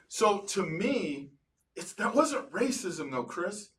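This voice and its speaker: A man's voice: high voice, takes it slowly. A man hosting an interview as a psychologist, telling stories with animation and acting out the voices of people he quotes. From Colorado, United States. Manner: animated storytelling, acts out other people's voices. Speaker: psychologist and podcast host. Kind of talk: casual conversational interview. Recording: voice sounds distant from the mic.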